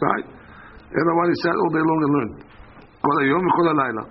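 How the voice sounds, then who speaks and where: A man's voice: on the high side, lively intonation, very fast, vocal fry, muffled recording. A man giving a daily Talmud class, reading the text aloud and then translating it in plain talk. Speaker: Talmud teacher.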